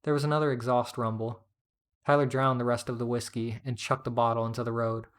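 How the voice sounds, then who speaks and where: A man's voice: medium pitch, little pitch movement, a little fast. Man reading a story aloud. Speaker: narrator reading fiction. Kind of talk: first-person story reading.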